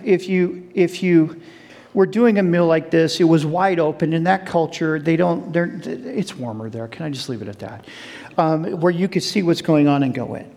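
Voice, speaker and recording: High-voiced man preaching a sermon. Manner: animated storytelling, acting out quoted voices; addresses the congregation directly. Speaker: pastor.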